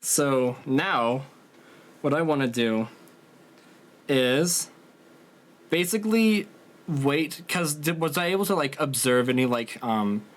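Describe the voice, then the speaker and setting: A man's voice: medium pitch, expressive, slow, long pauses. A man playing in a tabletop game, thinking aloud hesitantly with many fillers. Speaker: player. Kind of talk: casual tabletop play.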